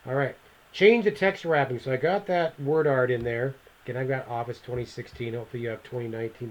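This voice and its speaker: A male teacher talks his class through a software task in a screen-recorded lesson. His voice sits at an ordinary middle pitch, and he chats and thinks aloud as he hunts for menu options. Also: a little hiss or hum, rough recording. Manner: chatty, thinks aloud while clicking through steps.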